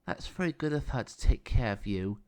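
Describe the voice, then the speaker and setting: A man voicing a gentle, kind-hearted young woman in a storybook reading, with a soft, raised voice. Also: medium pitch, lively intonation, moderate pace, lightly acted. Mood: tender.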